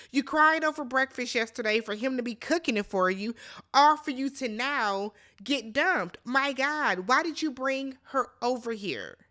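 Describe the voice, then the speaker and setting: A woman's voice: high voice, pushed and bright. A woman hosting a casual reality TV recap, sassy and chatty, talking straight to her viewers. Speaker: recap host.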